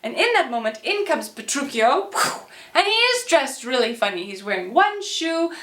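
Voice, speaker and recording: Woman, storyteller, high voice, lively pitch, playful, roomy echo. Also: moderate pace, a little hiss or hum. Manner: expressive, playful, with dramatic repetition. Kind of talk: casual, animated story summary.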